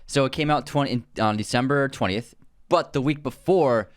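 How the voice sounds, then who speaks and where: A man's voice: medium pitch, normal speed, smooth, no echo, clean studio sound. A man co-hosting a film podcast, chatting casually about a movie and often restarting his sentences. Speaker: podcast co-host.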